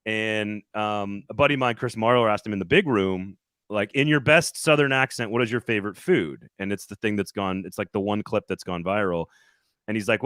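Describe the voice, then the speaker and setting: A man's voice: lowish voice, fairly quick, a bit bright, smooth, dry recording, clean studio sound. A man co-hosting a casual sports talk show, rambling with lots of restarts and easy laughter. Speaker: podcast co-host reporting from media days.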